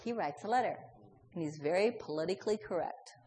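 A woman's voice: fairly low pitch, expressive, brisk, dark tone, long reverb tail. A woman preaching a storytelling sermon, asking her listeners many questions and voicing the characters in the story.

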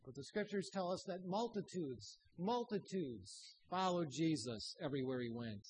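A man preaching a sermon, telling stories and dropping his voice low and soft for emphasis. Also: lively intonation, moderate pace, slightly rough, rough recording. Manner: storytelling preacher who drops to hushed tones.

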